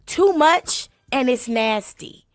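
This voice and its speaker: A woman hosting a comedic vocal critique, sassy and mocking, bursting into exaggerated loud sung imitations. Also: sits high, animated, slow pace. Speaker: host critiquing a singer. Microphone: desk mic.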